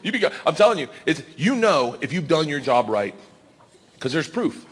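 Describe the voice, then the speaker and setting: A man doing a stand-up comedy set, animated and storytelling, acting out voices and bantering with the crowd. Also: on the high side, normal speed. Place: comedy stage before a live audience. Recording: live show with audience laughter and background noise.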